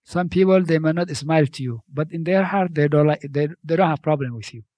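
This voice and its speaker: A man's voice: a little high, brisk, a little mellow, no room sound. Preaching man, second-language English. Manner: conversational, repeats phrases, non-native grammar. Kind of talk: sermon.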